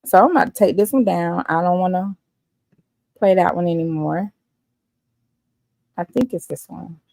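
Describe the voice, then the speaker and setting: A woman's voice: lowish voice, normal speed, gravelly, darkish tone, dry recording. A woman hosting a casual live stream, chatting and laughing often as she reacts to clips.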